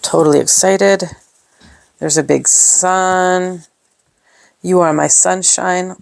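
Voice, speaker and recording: A woman with a low voice, recorded close and dry, chats casually through a craft-supply unboxing. She gushes over each item and thinks aloud with plenty of fillers. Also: fairly even intonation, slow, vocal fry, dry recording. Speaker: scrapbooking product reviewer. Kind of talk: casual unboxing show-and-tell.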